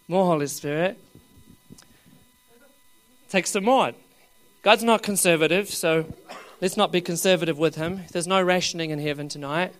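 Male charismatic preacher, slightly high voice, laughing and urging the crowd on. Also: normal speed, long pauses. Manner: laughing often, coaxing the crowd; rising to loud bursts.

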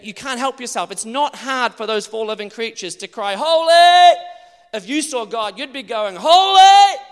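A male preacher giving an animated sermon, now and then bursting into loud exclamations. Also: high voice. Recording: long hall reverb.

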